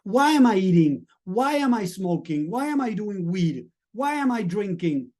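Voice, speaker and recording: A middle-aged man with a fairly high voice speaks as a mindset coach on a live stream. He talks earnestly and emphatically, stacking rhetorical questions and checking in with his chat audience. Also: big pitch swings, unhurried, a little mellow.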